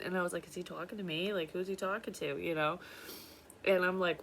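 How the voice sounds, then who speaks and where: Low-voiced woman telling a dream bluntly. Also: fairly quick, gravelly, slight background noise. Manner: profane, blunt, animated retelling with frequent laughs. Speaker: psychic medium recounting a dream. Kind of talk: casual storytelling monologue.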